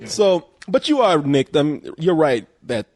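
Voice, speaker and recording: A man's voice: fairly high pitch, sing-song, measured pace, a little mellow, no room sound. A man hosting a video game podcast, talking in loose, joking banter and swearing freely. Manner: profane, joking, laughs often. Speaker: podcast host reviewing a game.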